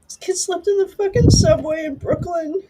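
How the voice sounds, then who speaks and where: A woman's voice: very high-pitched, normal speed, dark tone, poor audio. A middle-aged woman hosting a live stream, talking in an emotional, rambling and profane way because she is upset.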